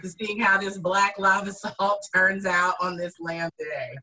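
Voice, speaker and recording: A woman on a video call, describing her dish slowly and hesitantly. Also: mid-range voice, fairly even intonation, sharp tone, recorded from a distance, low-quality recording. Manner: slow, hesitant, laughing. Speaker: cook, guest. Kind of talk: casual video-call talk.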